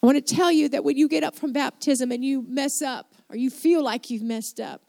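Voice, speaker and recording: A woman's voice: high voice, fairly quick, creaky, no room sound, clean studio sound. A woman pastor preaching a sermon with rhythmic repeated refrains. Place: church. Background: soft piano.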